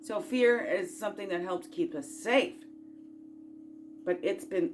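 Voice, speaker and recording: Hosting a relaxed spiritual self-growth conversation, this woman is folksy and encouraging, drifting into asides and rhetorical questions, sometimes getting loud and sometimes dropping to a murmur. Her voice is lowish at a moderate pace, with music playing behind her.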